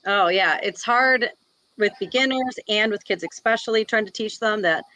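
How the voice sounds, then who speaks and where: A woman's voice: mid-range voice, normal speed, sharp tone, a little hiss or hum, poor audio. A woman from Wisconsin, a jiu-jitsu instructor, talking casually in an interview and filling her sentences with "like" and "you know.". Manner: chatty, many "like" and "you know" fillers. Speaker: guest, jiu-jitsu black belt and instructor.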